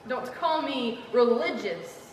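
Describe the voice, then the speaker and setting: A woman's voice: fairly high pitch, lively intonation, slow, a little hiss or hum. A teenage girl performing a spoken word poem in a school hall with a rhythmic, emphatic cadence. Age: teens. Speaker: student poet. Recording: echoey hall from far off.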